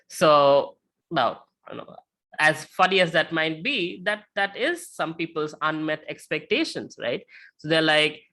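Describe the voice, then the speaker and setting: A man giving a lecture with slides, talking conversationally and often checking in with a quick "right?". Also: a little high, animated, pushed and bright. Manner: tells illustrative stories.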